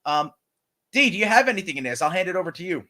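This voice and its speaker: A man co-hosts a casual podcast chat with a high, bright voice. He rambles along with fillers and restarts, calling his partner brother and man. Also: big pitch swings, fast talker. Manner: chummy, calls his co-host brother and man. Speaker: podcast co-host. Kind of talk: casual sports betting chat.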